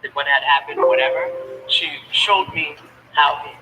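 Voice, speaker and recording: A man, a father, tells an emotional personal story in a halting way, with many fillers and restarts. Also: a little high, big-room sound, over music, rough recording.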